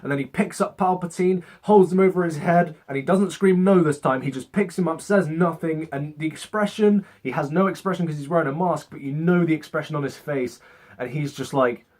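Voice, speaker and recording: A man's voice: a little high, fairly quick, darkish tone. A young man giving a casual, sarcastic movie review, swearing freely and acting out scenes in mock voices.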